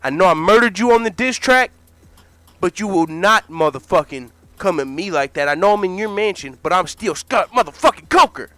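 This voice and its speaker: Man putting on a cocky street-talking businessman, a bit higher than his own voice, bright and loud. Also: moderate pace, dry recording, close to an everyday voice. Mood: defiant. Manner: swaggering, profane street slang.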